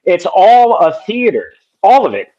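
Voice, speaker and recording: A man's voice: high-pitched, huge pitch swings, measured pace, dull audio. A man in a political debate, sarcastic and cynical, often stammering on his first words. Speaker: podcast co-host.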